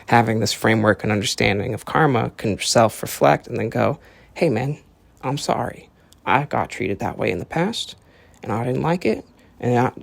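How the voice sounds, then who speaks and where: A man talks alone into a close podcast mic, rambling through his thoughts with plenty of swearing. His voice sits at a middling pitch with a gravelly edge. The sound is dry, with no room behind it. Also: no room sound. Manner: rambling, profane, acts out quoted voices. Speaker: podcast host. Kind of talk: casual solo podcast monologue.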